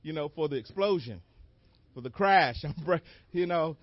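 A man preaching a sermon as an animated story, acting out moments with sudden shouted cries and laughing along. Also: fairly high pitch, normal speed, no echo. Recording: dull lo-fi dry recording.

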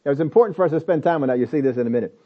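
A man's voice: fairly high pitch, rapid-fire, dull audio. A man preaching a sermon, emphatic and repetitive, asking rhetorical questions of his listeners.

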